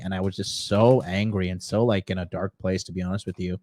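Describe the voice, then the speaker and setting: Host guy in his 30s rambling to his audience, low voice, dry close mic. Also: steady tone, fairly quick, darkish tone, no room sound. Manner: loose, swearing, laughs at himself. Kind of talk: casual talk to viewers.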